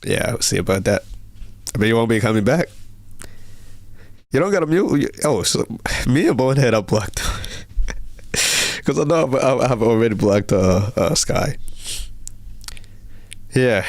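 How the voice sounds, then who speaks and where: A man's voice: mid-range voice, lively intonation, unhurried, vocal fry, long pauses, dry recording. A young man hosting a casual livestream, rambling and repeating himself as he reads viewer comments aloud. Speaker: livestream host.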